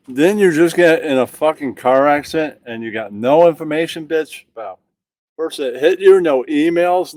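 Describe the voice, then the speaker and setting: A man with a slightly raised pitch riffs slowly and crudely on a comedy talk show, incredulous at what he hears. His voice is dry and close, with no room sound. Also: dry recording. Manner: slow, crude, incredulous riffing.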